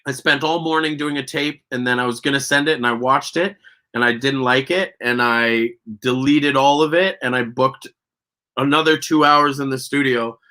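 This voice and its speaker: Canadian actor guest, bright voice, lively profane anecdotes in a chat interview. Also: male voice, mid-range voice, moderate pace. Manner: animated, profane, laughing storyteller. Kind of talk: casual interview storytelling.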